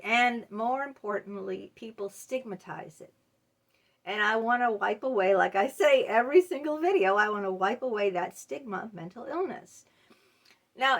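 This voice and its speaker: A middle-aged woman speaks into her camera in a candid, confiding monologue. Her voice sits at an ordinary middle pitch. She often stalls on fillers and restarts as she works through what she wants to say. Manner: candid and confessional, halting with frequent fillers. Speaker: channel host. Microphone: talking to camera.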